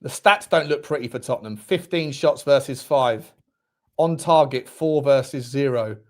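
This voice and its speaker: A young man hosting a live football watchalong, calling the match play by play for his viewers and shouting and swearing when the action heats up. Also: medium pitch, normal speed. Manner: excitable, shouts at big moments, swears; talks to viewers directly. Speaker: fan channel host.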